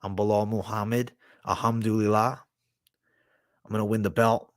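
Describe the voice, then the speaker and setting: A man doing a quick impression of a boastful, confident male pro fighter in a cocky, matter-of-fact tone. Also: on the low side, little pitch movement, dry recording, clean studio sound, natural voice.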